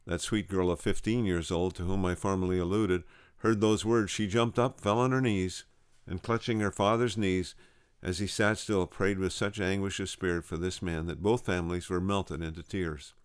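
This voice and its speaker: A man with a low, smooth voice retells a story from a religious revival, now and then stumbling over a word. The recording is dry and close, with no room sound. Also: steady tone, normal speed, dry recording. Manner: voices quoted speakers with raised pitch; occasional stumbles and repeats.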